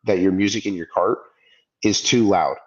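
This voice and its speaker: Low-voiced man telling a golf story. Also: normal speed, lo-fi sound. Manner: animated storyteller, acts out quoted voices. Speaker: podcast co-host. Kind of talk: casual chat, storytelling.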